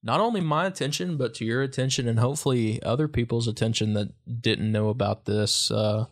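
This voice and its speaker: A podcast co-host chats casually, easygoing and joking, and often trails off mid-sentence. He speaks at medium pitch and a little fast.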